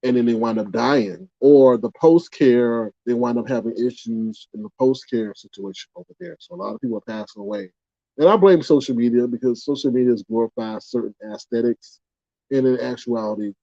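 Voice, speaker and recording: A man's voice: mid-range voice, a little fast, vocal fry, no echo. Indignant, rambling man, dull and muffled. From United States. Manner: animated and exclaiming, with indignant rhetorical questions. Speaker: livestream host reading chat. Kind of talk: casual rambling livestream chat.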